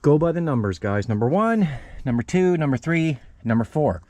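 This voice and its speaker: A man's voice: medium pitch, big pitch swings, a little fast, darkish tone. Chatty man filming a how-to vlog. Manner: chatty, keeps addressing viewers as guys. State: a little out of breath. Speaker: channel host. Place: outdoors beside a parked van. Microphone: handheld camera held while working.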